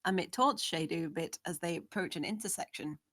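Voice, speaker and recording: A woman's voice: lowish voice, brisk, a bit bright. A woman narrating, steadily reading out the scene descriptions of a screenplay.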